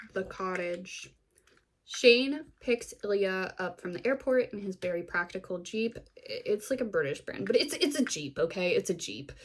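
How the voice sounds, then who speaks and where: A woman vlogger recaps a TV series in a loose, gossipy way, peppering it with fillers and wry asides. Her voice sits in a mid range, and she keeps the tone animated and conversational. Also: mid-range voice.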